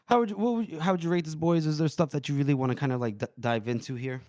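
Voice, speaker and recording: A man's voice: a little high, racing, darkish tone, no room sound. Man, podcast co-host, casual book chat, retells scenes, dry close mic. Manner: retells scenes, acting out lines in voices.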